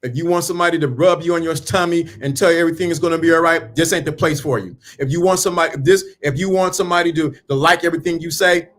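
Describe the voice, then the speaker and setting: A blunt man in his fifties speaking hosts his own channel and lectures in a preachy, repetitive way. He mocks the people he is turning away and keeps circling back to the same lines. His voice sits a little high for a man. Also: fairly bright tone. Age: 50s. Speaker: channel host. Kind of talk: blunt motivational monologue.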